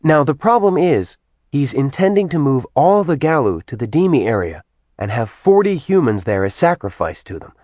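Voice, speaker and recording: A man's voice: medium pitch, very animated, moderate pace, a little mellow, no echo, voice pushed up. A man voicing a determined young woman who briefs her team. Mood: brisk.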